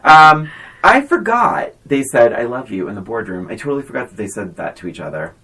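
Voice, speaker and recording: Low-voiced woman, animated movie chat. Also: brisk, slightly rough. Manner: animated, acts out movie lines with big swings. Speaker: podcast co-host.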